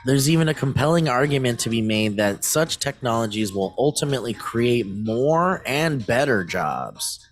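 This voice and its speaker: Man reading news aloud on a podcast, halting. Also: medium pitch, lively intonation, soft background music. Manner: halting, many fillers and restarts. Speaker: podcast co-host.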